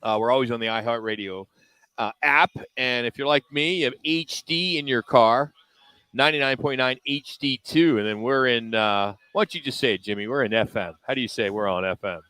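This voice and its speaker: A man's voice: medium pitch, fairly quick, pushed and bright, clear, resonant tone, dry recording, rough recording. A man hosting a live sports radio show, chatting upbeat and loose with plenty of fillers. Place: broadcast from a restaurant.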